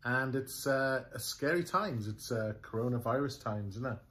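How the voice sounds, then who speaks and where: A man's voice: medium pitch, expressive, moderate pace, a bit bright. A man with a Welsh accent who teaches elementary school, chatting casually and joking at his own expense. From Wales. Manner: joking, self-deprecating. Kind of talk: casual chat.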